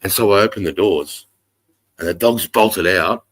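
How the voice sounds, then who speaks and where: Deep-voiced Australian man, rambling and profane. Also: moderate pace, slight background noise. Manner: rambling, profane, animated retelling. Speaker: livestream host. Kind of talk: casual storytelling on a livestream.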